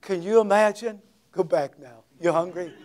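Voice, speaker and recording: A male pastor with a notably high voice for a man, preaching a sermon. He tells the story dramatically, acting out the scenes, and drops in folksy, conversational asides. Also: moderate pace, a little mellow.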